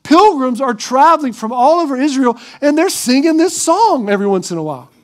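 A man preaching a sermon as pastor, animated, acting out crowd shouts in a raised voice. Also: very high voice, fairly quick.

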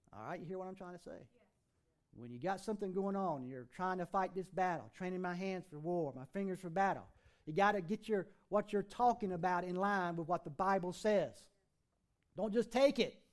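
A man's voice: high-pitched, lively intonation, brisk. A man preaching a sermon as pastor in a church, reciting scripture and urging his congregation with rising emphasis.

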